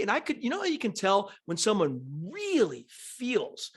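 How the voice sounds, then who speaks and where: A man hosting a podcast, telling a story in an animated, conversational way and often checking in with "right?". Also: sits high, normal speed, slightly rough. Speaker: podcast host.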